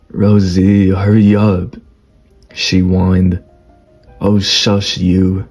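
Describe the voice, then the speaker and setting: A man with a deep, husky voice reading a fan fiction story slowly in a whispered role-play style, stammering through the dialogue. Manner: slow, low soft storytelling with stammered dialogue.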